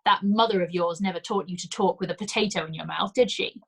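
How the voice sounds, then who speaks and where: A woman's voice: mid-range voice, big pitch swings, breathy edge. Woman playing a scornful old village woman. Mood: derisive. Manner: brisk, scornful, loud.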